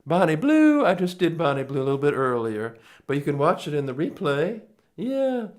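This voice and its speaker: A man's voice: a little high, animated, a little fast. A man, hosting a live stream and chatting casually with viewers in a rambling, folksy way with chuckling asides. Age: 40s.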